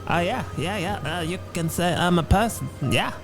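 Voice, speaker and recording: A man's voice: high-pitched, moderate pace, gravelly, hardly any pauses, music in the background. A man hosting his show in a playful, goofy way, talking casually from a home studio. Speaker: show host.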